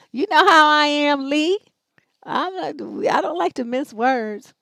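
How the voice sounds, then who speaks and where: A brash, foul-mouthed woman in middle age gives relationship advice on a live stream. Her voice sits a bit high, and the sound is close and dry with no room echo. She tells stories in a blunt, no-nonsense way. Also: expressive, takes it slowly, vocal fry, sharp tone. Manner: blunt, profane, brash storytelling. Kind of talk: livestream advice chat.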